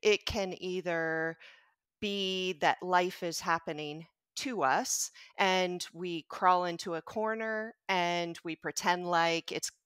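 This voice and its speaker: A woman's voice: fairly low pitch, slow pace, clear, resonant tone, no echo, studio quality. A middle-aged woman, a pediatrician guest on a podcast, telling a personal story in an earnest, reflective way. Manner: reflective, earnest, animated when quoting others. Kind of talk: conversational storytelling.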